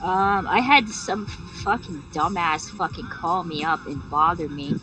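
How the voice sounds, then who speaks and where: Speaking unhurriedly in a fairly low voice, a female game streamer with a sore throat complains of feeling sick. Her casual chat is rambling and profane, packed with fillers, and the distant mic also catches music.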